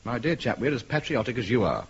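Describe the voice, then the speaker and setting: An actor playing a vain, self-important comedian who blusters and fusses, in a 1950s radio comedy. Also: male voice, mid-range voice, sing-song, fast, husky, heavily acted. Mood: blustering. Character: vain, pompous male comedian, easily flustered. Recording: dull old radio recording with faint hiss.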